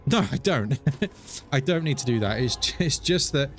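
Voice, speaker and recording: A man streaming a game, chatting in a rambling, self-mocking way and jumping into a higher voice to quote himself. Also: normal speed, soft background music. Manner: animated, jumps into higher voice quoting himself. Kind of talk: casual gameplay stream chat.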